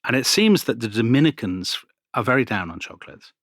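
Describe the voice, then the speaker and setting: Lively man telling history. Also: medium pitch, a little fast, no room sound, studio quality. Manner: animated storytelling, laughs often. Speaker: podcast co-host. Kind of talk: conversational history chat.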